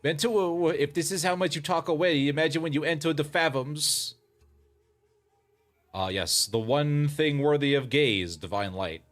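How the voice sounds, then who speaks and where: A man's voice: a little high, moderate pace, soft background music. A man streaming a game, chatting casually, laughing often and reading game text aloud. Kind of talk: casual gaming stream commentary.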